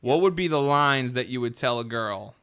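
An American man hosting a loose podcast conversation, with playful, crude banter. His voice is bright and moves up and down a lot. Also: mid-range voice, lively intonation, moderate pace, smooth. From United States. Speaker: podcast host. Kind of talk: casual chat.

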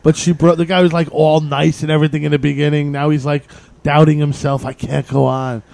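A man's voice: a little high, little pitch movement, a little fast, creaky, a little mellow, dry recording. A middle-aged man, a podcast co-host, in crude, profane banter who laughs often and acts out quotes.

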